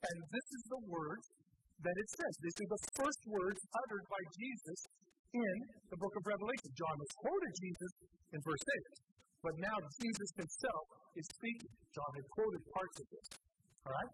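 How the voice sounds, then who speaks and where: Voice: mid-range voice, animated, normal speed. A pastor teaching Bible verses in a conversational way, asking listeners rhetorical questions and correcting himself mid-phrase. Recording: clear background hiss.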